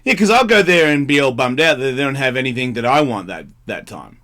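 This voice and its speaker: A man's voice: medium pitch, lively intonation, fast, a bit bright. A man hosting a radio talk show, chatting loosely and swearing freely, often mimicking people in exaggerated voices. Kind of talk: casual studio banter. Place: radio studio.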